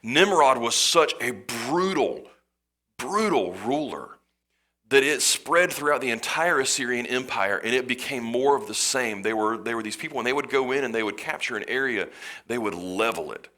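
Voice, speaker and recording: A man preaching a sermon as pastor, retelling a story with animated, acted-out voices. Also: medium pitch, a little fast.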